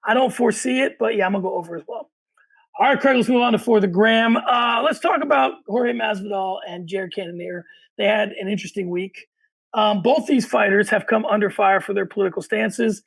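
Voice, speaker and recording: A man's voice: high-pitched, fairly quick, vocal fry, husky, low-quality recording. A man co-hosting a casual sports podcast, giving opinions and moving the segments along. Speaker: podcast co-host.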